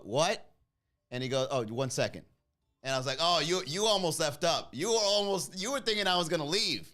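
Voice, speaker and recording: Animated, smooth-voiced man telling comic stories. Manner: animated, acts out quoted voices with big pitch jumps; laughs at his own jokes. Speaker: comedy podcast host. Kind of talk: casual comedic storytelling.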